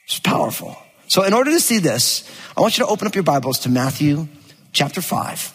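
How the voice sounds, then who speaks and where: A man preaching as a pastor, telling a personal story with lively acted-out quotes. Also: fairly high pitch, fast talker, husky. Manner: animated storytelling, acts out quotes. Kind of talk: sermon with personal anecdote. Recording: long hall reverb.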